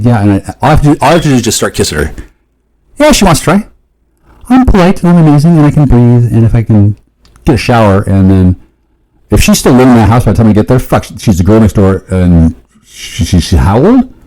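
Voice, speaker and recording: A man talks in a loose, rambling monologue, swearing freely and often restarting his sentences. His voice sits fairly low and sounds mellow and dark. Every so often it leaps suddenly higher. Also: animated, fast, rough recording.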